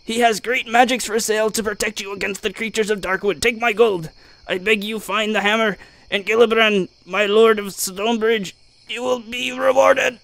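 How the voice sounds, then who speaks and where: A man voicing a dying, delirious old male dwarf warrior with a put-on Scottish accent, shouting desperate pleas. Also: sits high, fairly even intonation, moderate pace, gravelly, dry recording, rough recording. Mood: desperate pleading.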